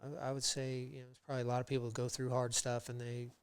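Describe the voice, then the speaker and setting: A man guesting on a podcast, telling his work history in a rambling, casual way with many fillers, and getting animated when he retells old conversations. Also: medium pitch, fast talker, smooth, no room sound. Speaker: podcast guest, metal fabricator. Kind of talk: casual interview storytelling.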